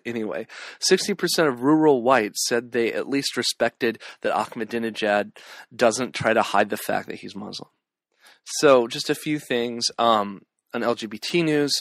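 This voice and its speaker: A man's voice: lowish voice, moderate pace, fairly bright tone, dry recording. A man from California doing a casual news roundup vlog, talking hesitantly with many ums and restarts. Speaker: vlogger and community organizer.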